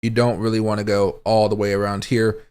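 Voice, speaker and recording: A man's voice: on the low side, level tone, fairly quick, darkish tone, clean tone. A man giving casual, rambling livestream commentary on crypto charts, thinking aloud as he goes. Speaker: crypto market streamer.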